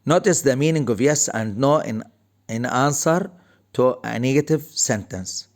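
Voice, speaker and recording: Slow, deliberate male grammar teacher. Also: mid-range voice, darkish tone. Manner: slow, deliberate, repeats each point. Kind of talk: recorded grammar lesson.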